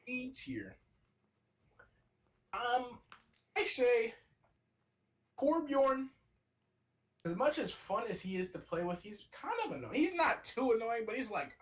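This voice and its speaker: A man's voice: very high-pitched, animated, takes it slowly, pauses often, fairly bright tone, poor audio. A young man co-hosting a casual gaming podcast, rambling and swearing as he ranks characters. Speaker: podcast co-host.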